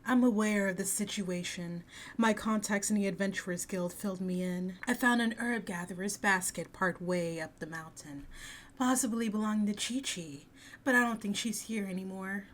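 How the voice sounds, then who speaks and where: A woman voicing a cool, secretive female spy in a game, reading her lines in a calm, measured, low-key way. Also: slight background noise, close to an everyday voice. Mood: sly.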